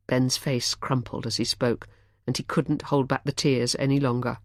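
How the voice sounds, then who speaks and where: A woman narrating an audiobook thriller in an expressive, measured storytelling manner. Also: extremely low pitch, no echo, clean studio sound.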